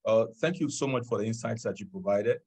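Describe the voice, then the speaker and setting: Nigerian candidate on a video call, husky, earnest and measured. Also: male voice, lowish voice, dark tone. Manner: earnest, measured, openly moved. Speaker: political candidate. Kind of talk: answering questions on a video call.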